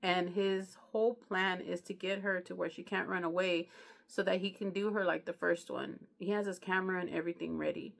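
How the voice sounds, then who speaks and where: A woman with a low, gravelly voice retells a true crime book in relaxed, slangy chat. She keeps checking in with the listener and talks as if to a friend. Her delivery is loose and conversational. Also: fairly quick. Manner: slangy, chatty, keeps asking "you know what I mean". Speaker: book reviewer. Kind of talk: casual true crime storytelling.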